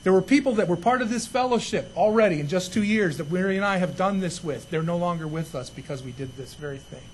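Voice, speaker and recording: A man preaching a sermon as pastor, conversational and animated, with joking asides. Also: sits high, fast talker, a little hiss or hum, rough recording.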